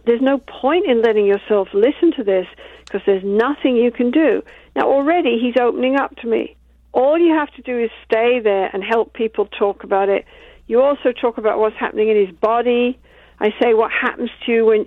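A woman's voice: on the high side, dry recording. Woman on a tinny, phone-like line. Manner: calm, explains with acted-out examples. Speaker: couples therapist. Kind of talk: interview conversation. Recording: tinny phone-like dry sound.

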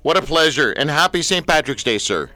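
An enthusiastic male radio host chats with a guest. His voice is bright and lively, swinging up and down in pitch. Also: brisk, no echo. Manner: effusive, enthusiastic. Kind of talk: casual radio chat.

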